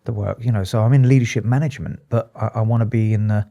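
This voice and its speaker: A man, a psychotherapist, talking candidly and emotionally in an interview, halting and restarting often. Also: fairly low pitch, steady tone, gravelly, dark tone, highs cut off. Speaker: psychotherapist and addiction specialist, guest.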